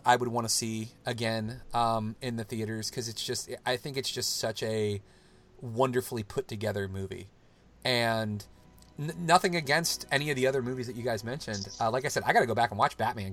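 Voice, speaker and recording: A man in his thirties hosts a podcast at a brisk clip, his mid-range voice fairly bright. The chat is casual and loose, rambling along with plenty of "like" and restarted thoughts.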